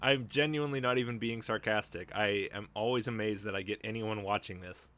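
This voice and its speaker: A man hosting a livestream, chatting animatedly and laughing, a little deadpan at times, over a computer mic. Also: lowish voice, fairly quick. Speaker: livestream host. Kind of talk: casual chat.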